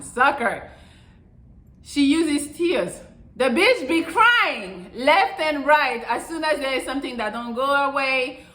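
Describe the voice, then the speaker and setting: A woman's voice: a little high, sharp tone. A woman hosting her channel, giving blunt, profane relationship advice in a casual monologue with mocking impressions. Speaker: channel host. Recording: echoey room.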